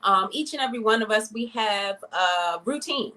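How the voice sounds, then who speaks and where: Woman on a video call explaining things step by step, bright voice. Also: medium pitch, lively intonation, normal speed. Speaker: yoga teacher guest. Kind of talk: casual explanation.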